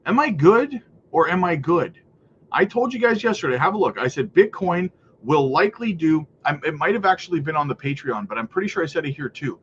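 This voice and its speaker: A man's voice: fairly high pitch, lively intonation, brisk, a bit bright, muffled recording, slight background noise. A man hosting a casual livestream, chatty and upbeat, reading chat and often tagging his lines with "right?" and "guys". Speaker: crypto livestream host. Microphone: streaming setup mic.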